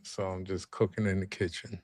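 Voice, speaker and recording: Quiet, polite man with a low voice. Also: little pitch movement, brisk. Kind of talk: casual livestream chat.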